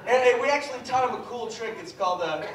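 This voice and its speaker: A man performing a stand-up comedy set in a theater, deadpan with sudden loud outbursts. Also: very high-pitched, fast, distant mic, a crowd in the background. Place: theater stage with live audience. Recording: echoey theater heard from afar, audience noise.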